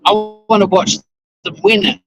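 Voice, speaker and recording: A man's voice: high voice, flat delivery, normal speed, rough recording. Chatty Australian man driving to work. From Tasmania, Australia. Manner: chatty and rambling, with frequent fillers and restarts. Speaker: YouTuber reacting live while driving to work. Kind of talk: casual live-stream chat. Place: in a car on the drive to work. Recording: faint car road noise.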